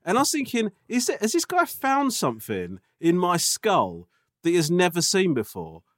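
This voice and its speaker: A man's voice: high-pitched, wildly swooping pitch, moderate pace, no room sound, studio quality. A man co-hosting a casual podcast, telling a story, swearing and laughing often. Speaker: podcast co-host.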